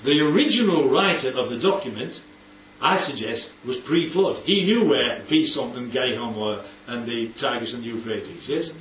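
A man leading a Bible study group. He speaks in an animated teaching manner and often checks for agreement. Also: medium pitch, normal speed, hardly any pauses, slight background noise. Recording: roomy, distant, dull recording with faint background ambience.

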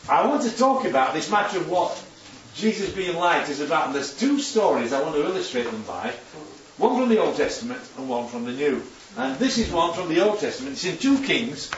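A man's voice: fairly high pitch, slight background noise. A man giving an informal Bible talk as a preacher, chatty and often checking in with his listeners. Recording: echoey, distant, dull sound.

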